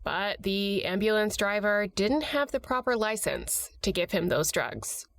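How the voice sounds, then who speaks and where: A woman hosting a podcast, reading scripted narration in a calm, measured way. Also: medium pitch, dry recording.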